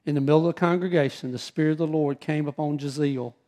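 A middle-aged male pastor preaching at a midweek service, reading scripture aloud and dropping soft and slow when he speaks of his own suffering. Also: fairly high pitch, steady tone. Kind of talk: sermon.

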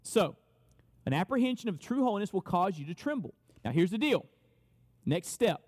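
A man with a high voice preaches a sermon, leaning hard on key phrases and saying them twice. His voice rings out with a long, lingering reverb, as if he stands in a large hall. He talks to the room as its pastor. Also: big pitch swings, darkish tone. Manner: emphatic, repeats key phrases, quick asides.

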